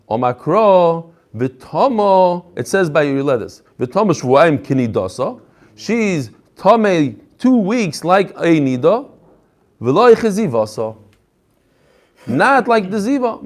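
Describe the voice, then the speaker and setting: A man with a high-sitting voice teaches a daily Talmud class to a live group. His lecture is animated, full of rhetorical questions, and mixes English with Hebrew and Aramaic terms.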